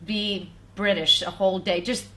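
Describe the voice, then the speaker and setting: A woman's voice: mid-range voice, steady tone, normal speed, background noise. A woman singer chatting casually on a livestream, rambling with many "you know"s and laughs. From Iceland. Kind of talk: casual chat.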